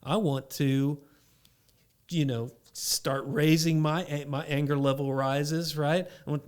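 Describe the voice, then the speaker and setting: A man on a podcast, a father telling an animated story about faith and his young son in a casual chat. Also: on the high side, slow pace, clean tone. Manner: animated storyteller acting out scenes. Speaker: podcast co-host.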